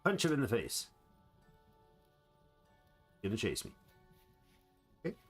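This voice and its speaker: A man's voice: on the low side, wildly swooping pitch, slow, a bit bright, soft background music. A man giving playful, rambling let's play commentary on a survival game, chatting to the animals he meets. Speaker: gamer.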